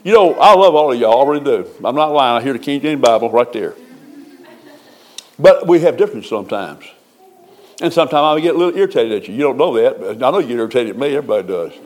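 A male pastor preaching in a folksy, conversational way, moving between soft asides and slow, drawn-out emphasis. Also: mid-range voice, animated. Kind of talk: sermon.

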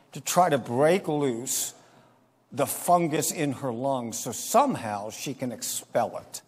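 A man preaching a sermon as pastor, emphatic and slowing down to stress key phrases. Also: mid-range voice, slightly rough. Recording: long hall reverb.

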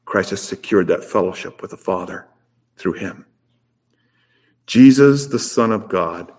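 Guy preaching a sermon real slow, goes loud and high then drops way soft. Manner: swings between loud emphatic peaks and soft low phrases.

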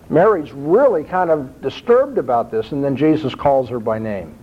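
A man's voice: mid-range voice, moderate pace, hardly any pauses, slightly rough. Man preaching in a dull, lo-fi recording. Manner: expressive, rising emphasis when quoting scripture. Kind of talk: sermon.

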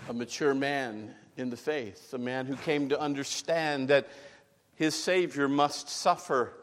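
A man preaching a sermon as pastor, rising to loud emphatic peaks and dropping to hushed lines. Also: mid-range voice, steady tone, a little slow, big-room sound. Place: church sanctuary.

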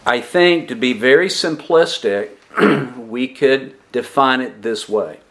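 A man delivers an expository sermon at an unhurried, measured pace. His voice sits in a middle register, and he leans on key words with emphatic pauses. He poses questions to the congregation and answers them himself. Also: medium pitch, a bit bright. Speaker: pastor.

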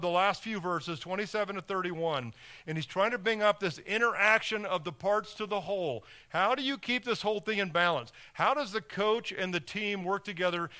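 High, bright-voiced male preacher. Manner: conversational, with rhetorical questions and sports analogies. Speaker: pastor. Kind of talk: sermon.

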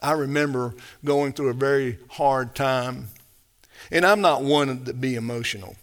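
A man preaching a sermon, passionate and full of rhetorical questions, swinging between loud emphatic stretches and hushed quiet ones. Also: medium pitch, measured pace.

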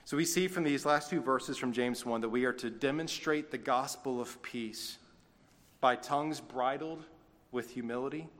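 Pastor preaching in a reverberant hall. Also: male voice, medium pitch, moderate pace, a bit bright. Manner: conversational, folksy asides. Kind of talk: sermon. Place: church sanctuary. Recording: long reverb of a church hall.

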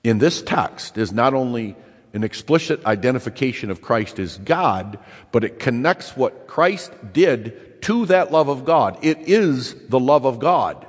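A man preaching a sermon, emphatic, repeating key phrases and slowing down to stress them. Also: medium pitch, expressive, husky. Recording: long reverb in a large hall.

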